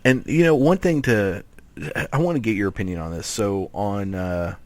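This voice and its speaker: Man, podcast co-host, very low voice, casual rambling chat. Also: moderate pace. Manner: rambling, animated, many restarts.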